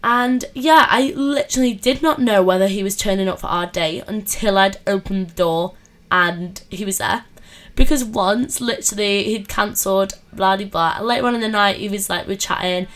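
A young woman, telling dating stories in a chatty, animated way with lots of fillers. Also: medium pitch, normal speed. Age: 20s. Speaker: podcast host. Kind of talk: casual storytelling chat.

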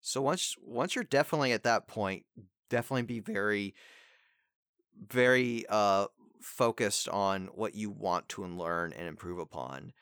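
A male voice actor in casual chat, giving loose, rambling advice and dropping into quick acted line readings. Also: fairly low pitch, a bit bright, clear, resonant tone, no room sound, clean studio sound.

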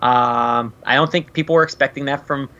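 A chatty man co-hosting a relaxed gaming podcast, his talk full of loose "like" fillers. His voice sits at an ordinary pitch. The recording is a little dull and lo-fi. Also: normal speed. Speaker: podcast co-host. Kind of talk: casual chat.

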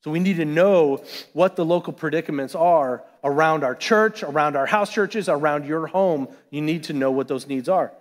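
A man giving a sermon as pastor, talking in a conversational, animated way with asides to the congregation. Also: on the high side. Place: church sanctuary. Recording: long church hall reverb.

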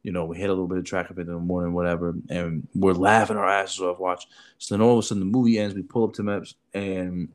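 A man who works as a military recruiter, telling an animated story in casual chat and acting out the people he quotes. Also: low voice, fast.

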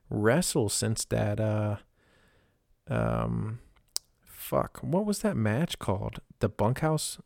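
A man's voice: on the low side, gravelly, darkish tone, no room sound, clean studio sound. A man hosting a wrestling podcast alone, talking casually in a blunt, rambling way with lots of fillers and frequent swearing. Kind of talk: casual solo recap.

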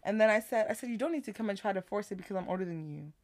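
A woman's voice: mid-range voice, expressive, rapid-fire, a little mellow. A woman co-hosting a podcast, chatting casually, animatedly retelling text messages and laughing often. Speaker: podcast co-host. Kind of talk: casual chat, storytelling.

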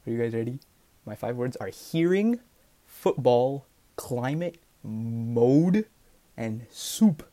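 A man's voice: medium pitch, animated, slow, dark tone. Teen boy, playful co-host, casual filler-laden chat, call mic. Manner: playful, teasing, filler-heavy.

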